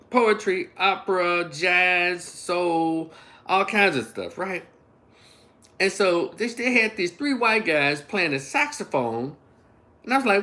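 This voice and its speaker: A man in his fifties telling a story on a casual livestream, animated, laughing, blunt and profane. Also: sits high. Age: 50s. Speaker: online commentator.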